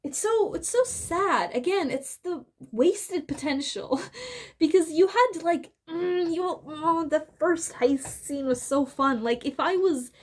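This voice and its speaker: A young woman giving a casual, animated film critique, rambling with fillers and restarts and briefly acting out scenes. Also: high-pitched. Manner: acts out scenes with quick voices. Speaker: video essayist. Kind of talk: casual opinion commentary.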